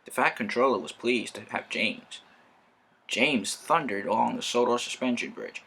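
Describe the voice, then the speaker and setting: A man narrating a children's story with a lively delivery. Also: medium pitch, normal speed, gravelly, slightly rough.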